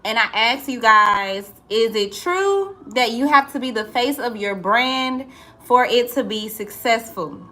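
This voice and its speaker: A woman's voice: fairly high pitch, lively intonation, a little slow, sharp tone. A woman chatting casually on a livestream, greeting viewers by name and calling them y'all. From St. Louis. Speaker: livestream host and entrepreneur.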